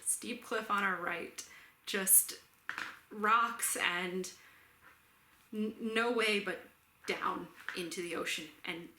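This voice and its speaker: A young woman talks in a relaxed, rambling way, scattering fillers and quick laughs through her story. Her voice is bright and forward. The room gives it a noticeable echo over a faint background hiss. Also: mid-range voice. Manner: chatty, laughs often, many "like" fillers. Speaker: knitting vlogger. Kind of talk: casual storytelling chat. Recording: roomy echo, faint ambient noise.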